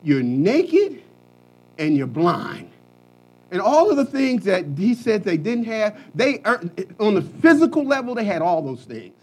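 A male preacher delivering a lively, folksy sermon, swinging between hushed talk and shouting. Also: high-pitched, moderate pace, hardly any pauses, husky.

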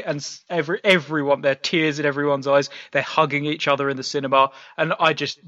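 A young man with a bright, somewhat high voice rolls through silly, exaggerated stories on a comedy podcast. He keeps it casual and playful. The recording sounds a little dull and lo-fi. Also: fairly even intonation, fairly quick. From United Kingdom. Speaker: podcast co-host.

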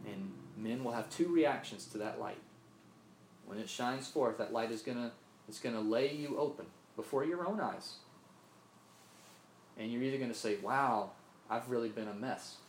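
A man's voice: medium pitch, moderate pace, long pauses, darkish tone, a little hiss or hum. A man from Mississippi preaching a sermon, earnest, often repeating himself and asking "right?". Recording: roomy echo, faint ambience.

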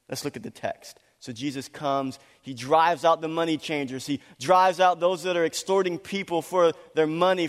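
A man preaching a sermon as a pastor, animated and acting out voices when he quotes people, laughing now and then. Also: mid-range voice. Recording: long hall reverb.

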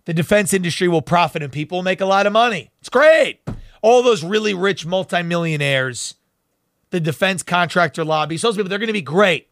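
A man's voice: high-pitched, fairly quick, fairly bright tone, no room sound, studio quality. A man hosting a talk show, delivering fiery, emphatic and sarcastic political commentary.

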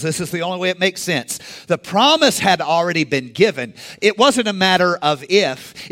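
Guy preaching a sermon, bright sharp voice, acts out the people in the story. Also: high-pitched. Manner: conversational preaching that builds to shouts; acts out quoted characters in the story. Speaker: pastor.

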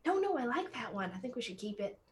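High, very animated woman player, quick and playful. Online call mic. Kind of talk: in-character role-play chat. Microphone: online call microphone.

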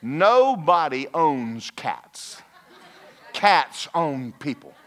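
A man preaching a lively sermon, folksy and animated, slipping into mock voices and asides to the congregation. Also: a little high, very slow. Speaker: pastor.

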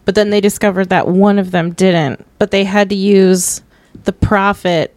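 A woman's voice: mid-range voice, fairly even intonation, normal speed, darkish tone, no echo. Wry woman podcast co-host, dry sound. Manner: wry, sarcastic. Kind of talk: casual movie review chat.

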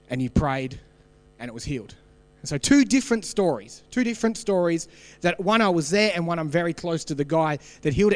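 A man's voice: fairly high pitch, long reverb tail. An Australian man preaching a sermon, telling stories in a conversational way and putting questions to the congregation. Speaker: pastor.

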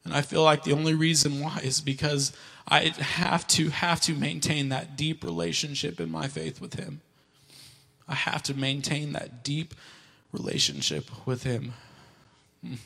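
A man preaching with a gravelly, forceful voice set a little high, pressing his points through repetition and rising to fervent peaks. His words ring out with a long hall reverb in a church sanctuary. Soft music plays faintly behind him. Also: expressive, measured pace. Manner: fervent, repetitive preaching that swells to loud cries. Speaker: pastor. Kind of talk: impassioned sermon. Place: church sanctuary during a morning service.

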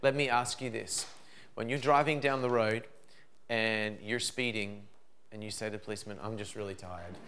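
A middle-aged man giving a lively parenting seminar talk, acting out dialogue as he goes. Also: medium pitch, normal speed, a little hiss or hum. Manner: animated, acts out dialogue in put-on voices.

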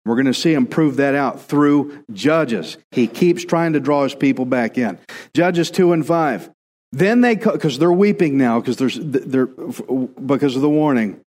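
A man's voice: mid-range voice, animated, normal speed, darkish tone, long reverb tail. A male pastor preaching a conversational sermon, now and then acting out quoted voices.

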